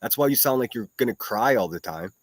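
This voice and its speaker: A combative man hosts a solo livestream, firing off profanity and mocking insults at his critics. His voice sits at an ordinary middle pitch. The sound is close and dry, with no room around it. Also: expressive, quick pace, no room sound. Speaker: solo livestream podcast host. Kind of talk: ranting commentary reacting to clips.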